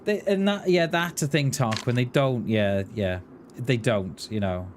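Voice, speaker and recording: A man rants bluntly and casually while streaming a game, chatting as he plays. His voice is medium-pitched and measured in pace, with a slight hiss or hum in the audio.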